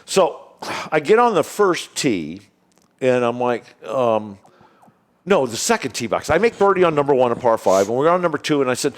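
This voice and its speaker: Lively storytelling man from Illinois. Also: medium pitch, normal speed. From Springfield, Illinois, USA. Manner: animated, acts out other people's lines in quoted speech. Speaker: podcast guest, golf course owner. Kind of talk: casual storytelling.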